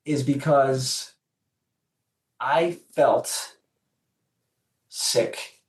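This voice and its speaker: Man, podcast guest, animated storyteller, echoey room, off-mic. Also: mid-range voice, extremely slow, distant mic. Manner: animated storyteller acting out dialogue. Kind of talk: storytelling in an interview.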